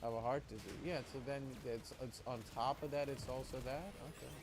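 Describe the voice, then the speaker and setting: A man's voice: mid-range voice, steady tone, a little fast, noisy background. A man streaming casually, rambling and swearing as he talks with chat and trails off mid-thought.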